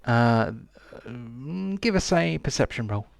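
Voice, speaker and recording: A man's voice: medium pitch, animated, slow pace, vocal fry, smooth, no echo. Man running a tabletop game. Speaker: game master.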